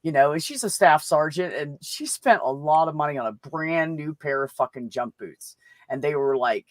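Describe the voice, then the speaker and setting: A man's voice: fairly high pitch, normal speed, no room sound. Profane rambling man telling jokes. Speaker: open mic host. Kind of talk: casual joke telling.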